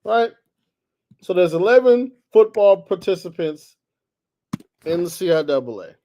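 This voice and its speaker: A man hosting a solo sports talk show, heated and exasperated, jumping from loud outbursts to low muttering. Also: animated, a little slow. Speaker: sports commentary host.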